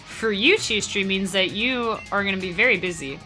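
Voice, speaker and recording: A woman's voice: mid-range voice, loud music behind the voice. A young woman streaming a game live, chatting casually with her viewers and laughing easily. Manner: chatty, talks to chat, quick laughs. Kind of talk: casual live-stream chat while gaming.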